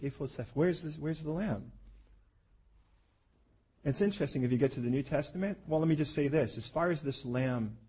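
A man's voice: medium pitch, mellow, husky. A middle-aged man, a pastor, preaching a sermon in a conversational, emphatic way.

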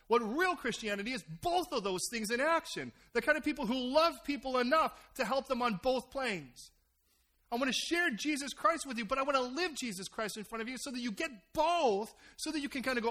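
Middle-aged American male pastor, lively sermon delivery, high and bright. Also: brisk. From United States. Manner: animated, acts out voices of others.

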